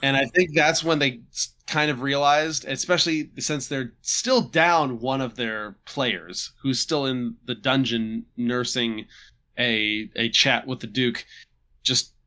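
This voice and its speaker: A man casually recapping a tabletop game session, halting and restarting with chuckles. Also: mid-range voice, pushed and bright. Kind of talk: casual chat.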